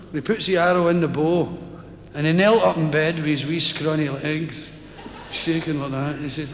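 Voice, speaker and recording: Scottish comic, fairly high voice, live concert hall echo, audience behind. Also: male voice, steady tone, moderate pace, slight background noise. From Scotland. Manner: broad, rowdy, bantering with the crowd. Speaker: stand-up comedian. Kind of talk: live stand-up storytelling.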